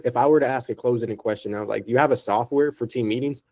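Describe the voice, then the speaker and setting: A man's voice: medium pitch, steady tone, quick pace, few pauses, mellow. A man on a sales team call, talking casually through an example question. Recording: muffled lo-fi call audio.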